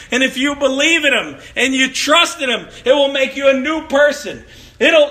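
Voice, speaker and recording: A man's voice: very high-pitched, sharp tone. A man preaching a sermon, telling playful stories and acting out quotes with big jumps in his voice. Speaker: pastor.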